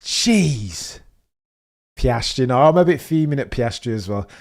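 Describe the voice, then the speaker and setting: A young man hosting a live race watch-along stream, chatting with viewers and reacting excitedly as the race unfolds. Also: medium pitch, unhurried, gravelly. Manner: excitable, chatty, reads chat messages, swings from muttering to excited shouting.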